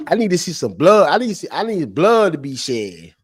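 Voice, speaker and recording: A man's voice: a little high, very animated, fairly quick, husky, dry recording, clean studio sound. A man live-streaming to his chat, talking heatedly and profanely and repeating his points over and over. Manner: heated, profane and repetitive, restating each point. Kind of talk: unscripted live-stream commentary.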